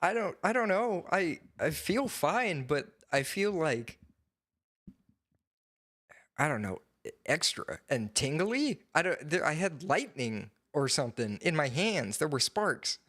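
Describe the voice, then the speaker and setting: A man's voice: a little high, big pitch swings, measured pace, a bit bright. Hesitant, stammering man playing a role-play game. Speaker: player.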